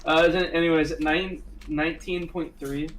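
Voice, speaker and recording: A man's voice: fairly high pitch, fairly even intonation, a little slow, a bit bright, a little hiss or hum, rough recording. A man joining a game stream over a voice call, bantering with mocking, profane comebacks. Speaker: friend on voice call.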